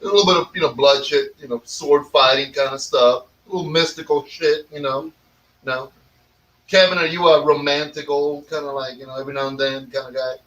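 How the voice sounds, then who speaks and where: A man's voice: on the high side, steady tone, brisk, a bit bright, distant mic, low-quality recording. A man hosting a casual cigar talk show with his friends, rambling and teasing with plenty of swearing. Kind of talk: casual chat.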